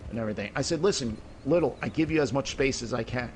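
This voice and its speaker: A man's voice: medium pitch, very fast, darkish tone, a little hiss or hum. A middle-aged man in casual voice chat while gaming, rambling and swearing, peppering his talk with "you know what I mean". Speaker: gamer in voice chat.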